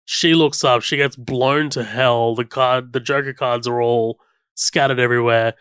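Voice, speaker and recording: A man co-hosting a film podcast talks through the movie with real enthusiasm, retelling scenes and even humming the score. His voice is smooth and resonant, and it sounds close and dry. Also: medium pitch, moderate pace, no room sound. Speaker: podcast co-host. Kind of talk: casual film commentary chat.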